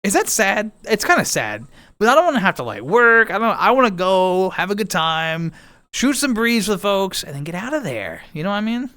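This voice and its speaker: A man's voice: high-pitched, sing-song, normal speed, pushed and bright. A man streaming from home, chatting casually with viewers in a playful, chatty way. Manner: chatty, bouncy intonation, playful. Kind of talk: casual chat reading viewer messages.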